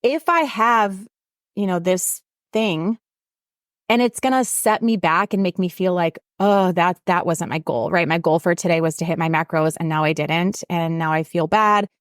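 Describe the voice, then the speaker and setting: A woman's voice: moderate pace, no room sound, clean studio sound. A woman fitness coach hosting her own podcast, talking casually and emphatically, her voice jumping up when she gets fired up. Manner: animated, emphatic, rising pitch when fired up. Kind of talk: casual solo podcast talk.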